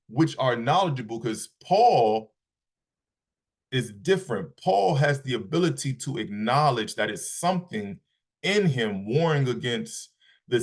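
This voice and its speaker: A man giving a Shabbat Bible lesson, reading scripture aloud and often restarting his sentences. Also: mid-range voice. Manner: halting, repeats words, reads scripture aloud slowly. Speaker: Bible teacher.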